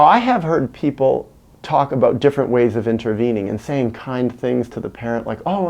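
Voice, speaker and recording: A man's voice: mid-range voice, creaky, darkish tone, dull audio. A man talking candidly to camera in a reflective personal monologue, earnest and often searching for words. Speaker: vlogger.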